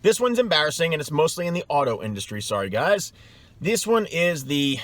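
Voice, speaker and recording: Very animated at a moderate pace, this middle-aged man has a slightly high, fairly bright voice. He coaches salespeople bluntly and with scorn in his vlog, repeating himself emphatically for effect.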